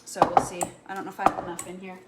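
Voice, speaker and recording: A woman's voice: on the low side, completely flat delivery, rapid-fire, heavy background noise. Chatty woman cooking in an echoey kitchen. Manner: chatty, rambling, frequent "right?" and "like". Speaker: cooking vlogger. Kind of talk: casual chat while cooking. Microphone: camera mic.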